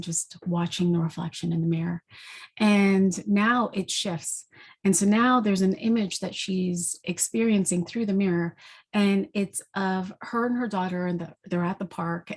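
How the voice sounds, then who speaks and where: A woman giving an intuitive energy reading, calmly telling a vision in a gentle, reflective way. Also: fairly low pitch. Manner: gentle, reflective storytelling with fillers. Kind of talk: spoken guided vision.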